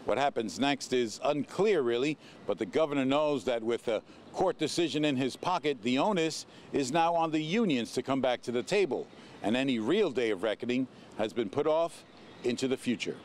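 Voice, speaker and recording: A man reporting a broadcast news story in a measured, slightly wry delivery. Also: medium pitch, lively intonation, a little hiss or hum.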